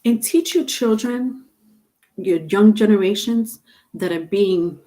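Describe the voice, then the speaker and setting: A woman's voice: mid-range voice, takes it slowly, mellow. A middle-aged woman giving a casual tarot livestream. She talks in a chatty, repetitive way and laughs often. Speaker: tarot reader.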